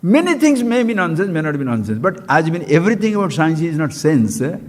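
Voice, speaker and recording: A man's voice: fairly high pitch, big pitch swings, a little fast, a little mellow. A man giving a spiritual talk at a retreat camp, telling stories animatedly, asking rhetorical questions and poking bluntly at his listeners. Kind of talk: spiritual discourse with storytelling. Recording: long hall reverb.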